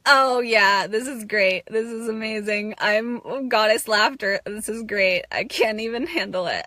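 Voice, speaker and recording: Bright-voiced intense woman speaker. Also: medium pitch, measured pace, few pauses, no echo, studio quality. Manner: raw, intense, swearing, bursts of laughter. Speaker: spiritual speaker. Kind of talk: emotional self-help monologue.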